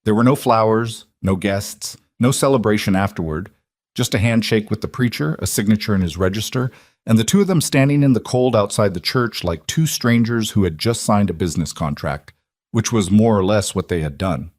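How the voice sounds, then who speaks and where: Low-voiced male storyteller, dry sound. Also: expressive, moderate pace, a little mellow, dry recording. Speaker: narrator. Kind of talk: scripted story narration.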